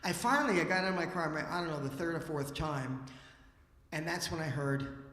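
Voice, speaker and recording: Bright-voiced storyteller man in an echoing hall. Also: fairly high pitch, moderate pace. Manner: lively, acts out dialogue, casual asides. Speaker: musician and storyteller on stage. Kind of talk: animated live storytelling. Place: library event hall. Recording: roomy hall with long reverb.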